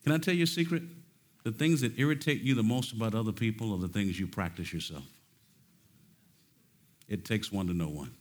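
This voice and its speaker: A man preaching a sermon at a conference, swinging from loud emphatic peaks to low, quiet phrases and firing off rhetorical questions. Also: brisk, long pauses. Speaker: conference speaker. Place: conference stage.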